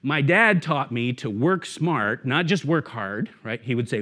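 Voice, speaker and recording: A guest preacher who directs a church network delivers a sermon in a medium-pitched voice at a measured pace, his voice having a bald quality. He animatedly tells a story, acting out voices and shouts, before moving into his message.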